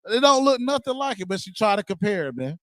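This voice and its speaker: Man, blunt casual preacher, high voice, dry close sound. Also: fast, dry recording. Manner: animated, blunt, swears casually, laughs and shouts at times. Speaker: speaker on a religious group's show.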